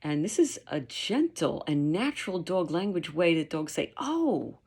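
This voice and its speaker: A woman dog trainer explaining her methods in a lively, emphatic way, sometimes acting out quotes. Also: low-pitched, moderate pace. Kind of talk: instructional talk.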